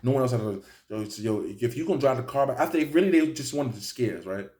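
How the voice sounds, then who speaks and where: A man's voice: medium pitch, rapid-fire. A man telling a story in a casual, profane street style, acting out the people in it. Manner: animated, profane street storytelling with acted-out quotes.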